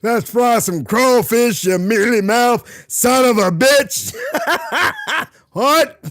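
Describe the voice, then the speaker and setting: A text-to-speech male voice reading out chat messages in a flat, clipped way. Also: very high voice, slow pace, no echo, studio quality. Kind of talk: automated message readout.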